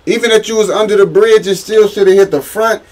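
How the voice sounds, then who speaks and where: A man chatting casually while playing a video game, excitable and ranting in slangy, profane complaints. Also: sits high, brisk. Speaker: gamer. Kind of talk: casual gameplay chat. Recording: noisy game and vehicle sounds behind.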